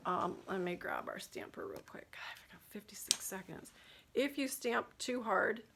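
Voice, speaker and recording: A woman's voice: medium pitch, moderate pace, gravelly, in a whisper. A woman hosting a casual nail care livestream, chatting loosely and reading out viewer questions with many fillers and restarts.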